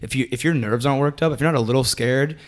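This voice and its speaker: A man's voice: mid-range voice, fast talker. A young man in his twenties, a comedian telling a rambling story in a casual interview, full of fillers and restarts. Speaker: comedian guest.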